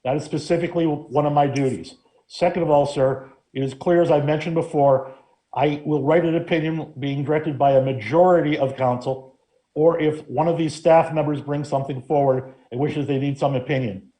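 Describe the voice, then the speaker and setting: This is a man acting as a city's law director, his voice mellow and a little higher than most men's. He speaks firmly and defensively in a lawyerly way during a council meeting debate. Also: fairly even intonation, moderate pace.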